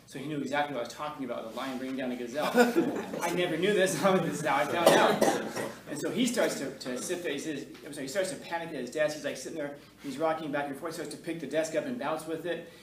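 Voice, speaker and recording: A middle-aged male high school teacher leading a class discussion and telling a story, animated, laughing, and acting out voices. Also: fast talker, a crowd in the background. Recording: echoey classroom from far off, faint ambience.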